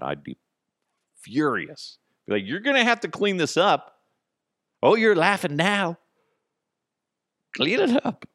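A man's voice: low-pitched, no echo, studio quality. A man hosting a podcast, in a casual comic monologue full of swearing and jokey asides. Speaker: podcast host.

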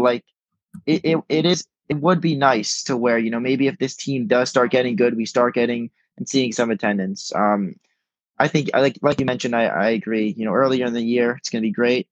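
A man's voice: medium pitch, steady tone, normal speed, no echo. Young man on dull lo-fi call audio. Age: young adult. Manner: emphatic, repeats words while thinking. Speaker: podcast guest. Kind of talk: casual sports podcast chat. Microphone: remote call microphone.

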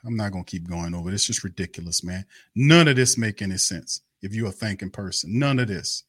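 A man's voice: on the low side, fairly quick, a bit bright, breathy edge, no room sound, studio quality. A man hosting a fan live stream, ranting in a heated, repetitive, cursing and scornful way. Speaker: sports fan show host. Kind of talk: angry live-stream rant.

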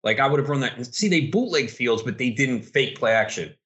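Guy yelling at the game on a podcast, swears a lot, bright punchy voice. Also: medium pitch, fairly quick. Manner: excitable, profane, ranting at referees. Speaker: podcast co-host. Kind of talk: casual chat while watching a football game.

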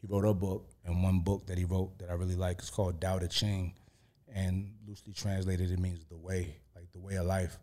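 A man's voice: deep voice, little pitch movement, brisk, warm tone. A man as an interview guest, telling stories in a laid-back, profane way with lots of "you know" fillers. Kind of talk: casual storytelling.

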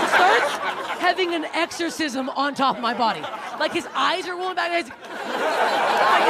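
A woman's voice: sits high, very animated, moderate pace. Brash, swearing woman comic on a club stage, with a roaring crowd and heavy noise. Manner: brash, profane, laughing through punchlines. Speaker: stand-up comedian. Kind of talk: stand-up storytelling.

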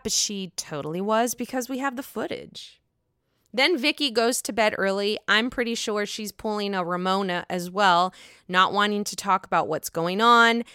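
A woman's voice: medium pitch, sharp tone, clean tone, no room sound, clean studio sound. A woman giving a casual, gossipy spoken recap of a reality TV episode, blunt, chatty and freely profane.

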